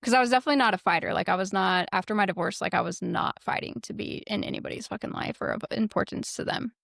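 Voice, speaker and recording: A woman co-hosting a podcast, telling stories casually, profane and animated. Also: medium pitch, fast, gravelly, no echo, studio quality. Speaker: podcast co-host.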